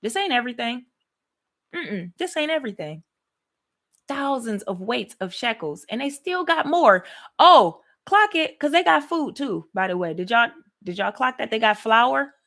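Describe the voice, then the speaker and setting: Excited woman host, high bright voice, big swings in pitch, chatty and animated Bible teacher. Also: normal speed. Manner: animated, laughing, talks to viewers as y'all. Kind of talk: livestream Bible study, excited casual teaching.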